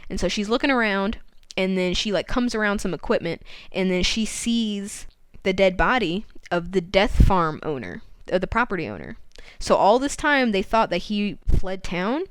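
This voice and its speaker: A woman podcast host casually retelling a novel's plot, jumping into quick voiced quotes of the characters. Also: medium pitch, expressive, clear, resonant tone, dry recording. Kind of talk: casual book recap.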